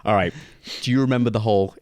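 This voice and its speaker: A man's voice: fairly low pitch, fairly even intonation, fast, darkish tone, dry recording, studio quality. A man co-hosting a casual podcast, reading listener comments aloud and laughing between them. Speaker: podcast co-host.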